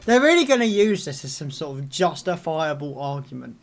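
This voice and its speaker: A young man hosting a live reaction video, ranting angrily and swearing, with sudden loud outbursts. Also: on the high side, big pitch swings, a little fast, faint music behind.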